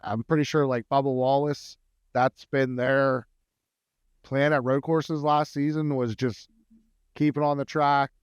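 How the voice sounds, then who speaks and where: A man with a smooth, clear voice breaks down betting angles on a casual podcast. He thinks aloud, restarting sentences as he goes. The recording is dry and close. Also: medium pitch, flat delivery, a little slow, no echo, muffled recording. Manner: analytical, many fillers and restarts. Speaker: podcast co-host, betting analyst. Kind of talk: casual sports betting chat.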